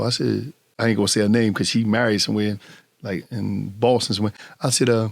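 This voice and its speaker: A middle-aged man telling stories as a podcast guest, animated and profane, often laughing as he talks. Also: on the low side, brisk, vocal fry, dry recording. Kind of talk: casual storytelling conversation.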